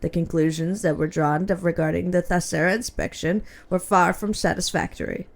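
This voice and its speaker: A woman's voice: fairly low pitch, steady tone, vocal fry, voice pushed down. A woman reading as a prim imperial bureaucrat. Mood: formal. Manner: formal, measured, coolly polite. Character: prim female imperial bureaucrat, cold and precise. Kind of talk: reading game dialogue aloud.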